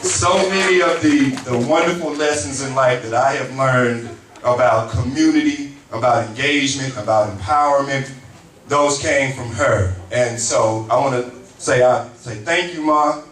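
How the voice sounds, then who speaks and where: A man emceeing a town hall with a slow, earnest delivery. He sounds far from the mic in a roomy meeting hall, with faint background noise. He speaks to the audience warmly and with gratitude as he thanks people and introduces the speakers. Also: medium pitch. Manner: slow, earnest, grateful acknowledgements. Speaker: emcee and university teacher.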